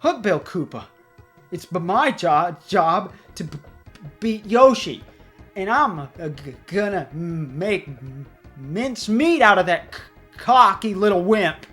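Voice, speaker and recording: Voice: mid-range voice, sing-song, takes it slowly, fairly bright tone, soft background music. Gamer doing a turtle goon who can't stop stuttering his threats. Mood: blustering. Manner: stutters constantly. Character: stammering male turtle henchman.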